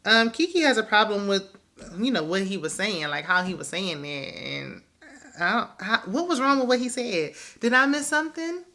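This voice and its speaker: A woman talks through a reality TV episode in casual, opinionated commentary and laughs often. Her voice is bright and forceful. Her pitch sits in the middle range for a woman. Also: expressive, moderate pace. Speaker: reality TV recap host.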